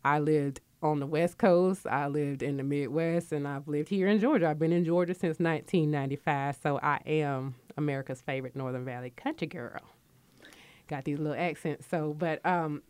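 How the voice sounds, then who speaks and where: A woman's voice: deep voice, darkish tone, dry recording. A woman in her forties from Connecticut, a guest author chatting on a radio interview in a reflective, storytelling way. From Connecticut, USA. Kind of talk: casual radio interview talk.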